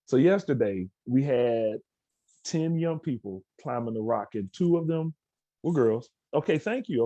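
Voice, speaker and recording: Male keynote speaker, storyteller on a video call, warm and slightly husky. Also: medium pitch, no room sound. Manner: storytelling, acts out quoted dialogue. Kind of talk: motivational talk to students over video call. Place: indoors at an outdoor education center.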